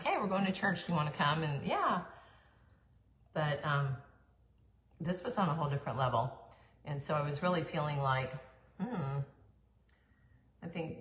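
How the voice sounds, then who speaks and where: A middle-aged woman telling her life story in a chatty monologue, with fillers, throat-clearing and quick asides. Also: deep voice, fairly bright tone. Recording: echoey room, faint background hum.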